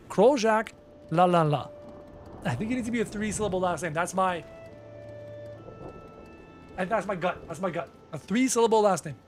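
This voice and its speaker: High-voiced chatty male streamer. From Canada. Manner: chatty, muttering and reading lists aloud. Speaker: game streamer. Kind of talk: casual live-stream chat.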